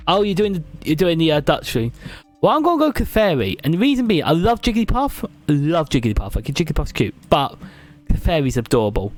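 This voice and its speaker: A British man streaming live, chatting and joking with his viewers as he ranks favourites on a tier list. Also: fairly high pitch. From Britain. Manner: chatty, jokey, reads and answers chat.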